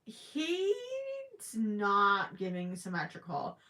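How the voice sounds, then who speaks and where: Her mid-range voice swings widely in pitch and sounds sharp, and she speaks slowly. As host of a crochet live stream, this woman chats casually and thinks aloud with stammered restarts, voice cracking from hours of talk.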